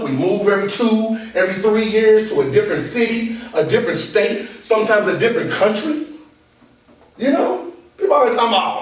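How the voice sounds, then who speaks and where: A man giving an animated motivational talk to a live group, often checking whether the audience is following him. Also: high voice, fairly quick. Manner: animated call-and-response, repeatedly asking the audience to follow along. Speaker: motivational speaker and coach. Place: meeting room with an audience. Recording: echoey room from far off.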